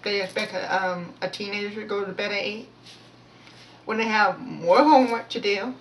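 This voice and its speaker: Lady doing a casual faith talk, rambly, trying to be loud, sounds far off the mic. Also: medium pitch, steady tone, moderate pace. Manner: rambling, many restarts, pushes to speak loud. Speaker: devotional video speaker. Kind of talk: casual devotional talk with prayer. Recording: voice from far off the mic, faint noise.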